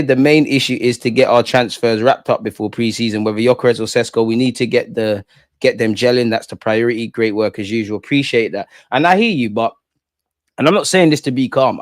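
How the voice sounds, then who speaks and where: A man's voice: mid-range voice, brisk, no echo, clean studio sound. A young man, chatting casually on a live stream in slangy, joking banter. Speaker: streamer reading live chat. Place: room at home with curtains closed.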